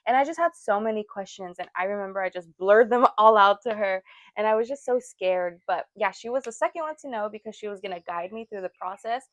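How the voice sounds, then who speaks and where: A woman's voice: medium pitch, brisk, no echo. A young woman co-hosting a podcast, telling stories in casual chat and acting out what everyone said. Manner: animated storytelling, acts out quotes. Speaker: podcast co-host.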